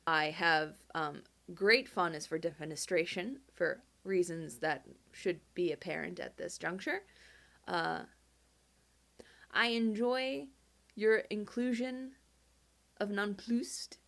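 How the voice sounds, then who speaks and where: Chatty woman with a gravelly voice. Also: takes it slowly. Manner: chatty and animated, pitch leaping up in delight. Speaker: video creator reading fan mail. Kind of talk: casual chat, reading postcards aloud.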